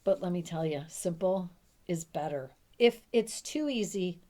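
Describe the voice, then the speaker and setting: Casting: middle-aged woman, low voice, chatty caregiver coach who loves to act out quick examples. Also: animated, mellow. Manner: chatty, emphatic, acts out little quoted lines. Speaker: dementia care coach. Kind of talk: casual teaching to camera.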